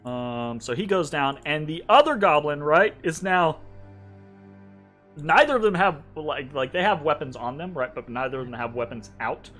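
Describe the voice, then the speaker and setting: A man's voice: on the high side, expressive, normal speed, fairly bright tone. A man narrating as game master in a tabletop game, casual and loose, with many fillers and tag questions. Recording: faint background music.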